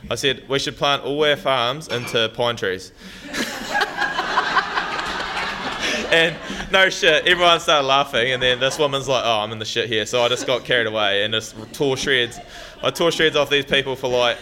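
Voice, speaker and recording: A man's voice: mid-range voice, a little fast, bright, forceful tone. A young man with a New Zealand accent telling a blunt, swearing, laughing story to an audience. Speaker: farmer speaker.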